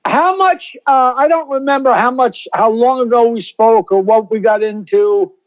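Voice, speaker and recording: An older comedian guest on a video call, telling stories in a rambling, self-interrupting way. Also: male voice, very high voice, normal speed, lo-fi sound.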